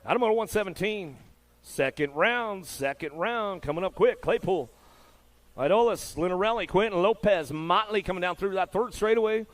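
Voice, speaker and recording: Race announcer, man, somewhat high voice, quick slangy play-by-play, hyped but easygoing. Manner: hyped, laid-back slang-filled patter. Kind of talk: live play-by-play commentary.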